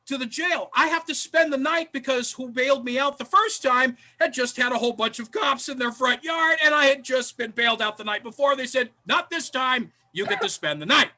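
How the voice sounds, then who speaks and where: A man telling funny stories in an animated way, acting out the lines of the people in them. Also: very high-pitched, fairly quick, few pauses. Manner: lively, acts out other people's lines. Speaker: improv troupe member telling stories. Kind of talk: animated comic storytelling.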